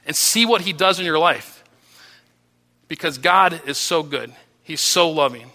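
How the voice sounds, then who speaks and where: Pastor mid-sermon, man, high and very bright voice, earnest, with soft low drops on key lines. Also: measured pace. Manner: earnest preaching with restarts, voice dropping low and soft on key phrases.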